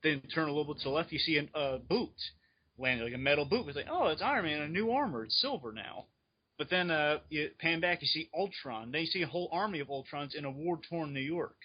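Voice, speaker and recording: A man in casual chat on a fan podcast, excitedly rambling through his speculation. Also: a little high, quick pace, breathy edge. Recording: dull lo-fi recording.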